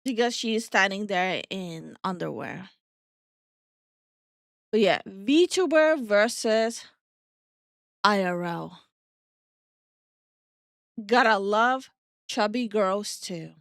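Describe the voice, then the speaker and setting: A woman's voice: medium pitch, animated, slow, gravelly, long pauses, no echo, clean studio sound. Blunt, outspoken woman streamer. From Estonia. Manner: blunt, opinionated, swears freely. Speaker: VTuber streamer and co-host. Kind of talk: casual stream chat.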